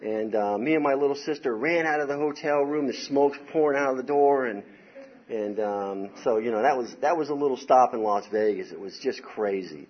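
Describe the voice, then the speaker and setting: A middle-aged man from the Southern US telling a wild story from his youth in a casual, rambling, animated way, dropping "man" and "you know" often. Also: mid-range voice, moderate pace. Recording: slightly dull recording.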